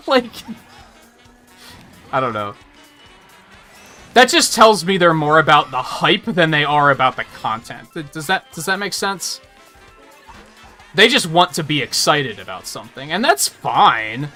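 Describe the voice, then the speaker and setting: A man's voice: a little high, big pitch swings, a little slow, faint music behind. Ranting, profane male game streamer. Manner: ranting, profane, mocks others in loud bursts. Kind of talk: live gaming stream chat.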